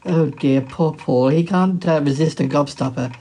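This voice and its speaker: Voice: moderate pace, mellow, slight background noise, natural voice. A performer voicing Bettina, a fond, gossipy woman on the phone who calls everyone darling. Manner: swoops in pitch, affectionate.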